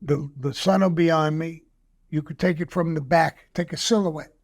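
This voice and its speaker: An older man appears as a guest, casually telling a story at normal speed in a fairly high-pitched voice. He's profane and animated, acting out the voices of the people he quotes.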